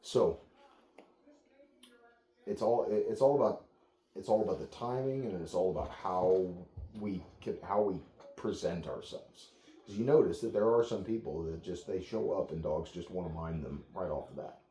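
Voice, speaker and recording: A man with a deep, warm voice talks dog owners through their dog's behavior. His delivery is calm, steady and plain-spoken. The room around him echoes. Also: moderate pace. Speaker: dog trainer. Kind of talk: explaining to clients.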